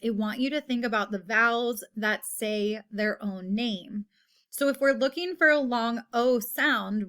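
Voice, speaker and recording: A woman teacher giving a recorded phonics lesson to children, slowly drawing out each word for them to hear. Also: fairly high pitch, fairly bright tone. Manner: slow, patient, drawn-out word modeling.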